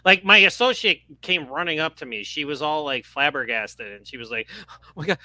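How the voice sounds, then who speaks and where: A man co-hosting a podcast, telling a story in a casual, sarcastic and animated way, often laughing. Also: fairly high pitch, normal speed, no echo. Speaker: podcast co-host.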